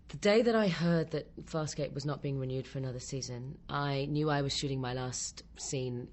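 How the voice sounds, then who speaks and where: A cast member calmly describing a past shoot in an interview, plain and descriptive. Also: medium pitch, moderate pace. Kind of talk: interview recollection.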